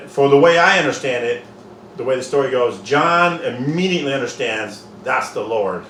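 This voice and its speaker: A man's voice: medium pitch, fairly bright tone. A man in a casual faith discussion, earnestly retelling a Bible story with many restarts. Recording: echoey room, distant mic, faint noise.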